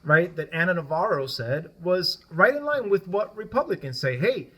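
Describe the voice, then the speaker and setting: A man with a notably high voice talks through his points as a guest on a casual podcast. His first language is Spanish. He explains at length and tags his points with "right?". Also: animated, normal speed, sharp tone. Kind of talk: casual political podcast discussion.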